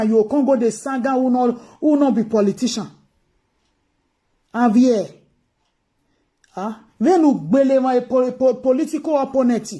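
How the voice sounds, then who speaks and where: Emphatic Nigerian woman commentator, mellow voice. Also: high-pitched. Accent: Nigerian Pidgin English, Edo. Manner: emphatic, repeats key phrases. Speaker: political commentator. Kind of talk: live-streamed political commentary.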